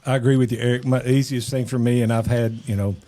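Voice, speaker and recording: A man co-hosting a podcast in casual chat, animated and often repeating words as he starts a thought. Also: mid-range voice, fast talker. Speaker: podcast co-host.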